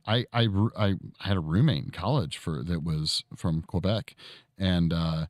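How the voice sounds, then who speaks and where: A low-pitched man in his thirties chatting casually on his own stream while he works on a sculpture. He talks in a laid-back way, trails off and chuckles often. The recording is close and dry, with no room sound. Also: unhurried, dry recording. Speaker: streamer host. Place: home studio.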